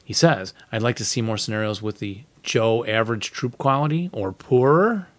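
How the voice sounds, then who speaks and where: A man's voice: on the low side, normal speed, a bit bright. A man co-hosting a podcast, reading listener letters aloud in casual chat and laughing easily. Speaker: podcast co-host.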